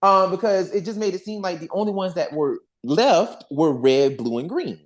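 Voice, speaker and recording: A podcast host in casual fan chat, animated and profane, acting out characters' lines while recapping. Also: medium pitch, normal speed.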